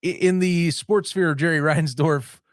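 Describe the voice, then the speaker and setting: Man, fairly high voice, dry close sound; rambling, laughing sports-podcast talker. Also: fairly even intonation, normal speed, dry recording. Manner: rambling, self-interrupting, laughs often. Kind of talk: casual sports chat.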